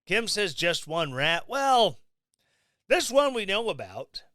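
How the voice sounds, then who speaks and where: A man hosting his own podcast, giving sarcastic, mocking political commentary in a casual, animated way. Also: high voice, takes it slowly, no room sound, studio quality. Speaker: podcast host.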